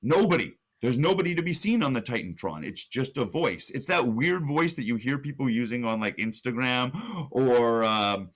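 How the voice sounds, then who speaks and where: A man's voice: medium pitch, lively intonation, moderate pace, few pauses, a bit bright. A young man co-hosting a podcast, telling an imagined match blow by blow and building hype with sudden rises in his voice. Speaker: podcast co-host. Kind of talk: animated play-by-play storytelling.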